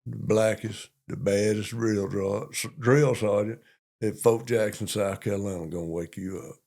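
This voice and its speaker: A man with a Southern accent voicing a stern big male army drill sergeant, giving gruff commands. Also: lowish voice, fairly even intonation, moderate pace, warm tone, voice pushed down.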